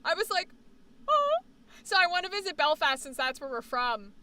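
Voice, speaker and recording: A woman's voice: high voice, expressive, quick pace, pushed and bright. An American woman live streaming, chatting casually and rambling, with plenty of swearing. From United States. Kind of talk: casual chat.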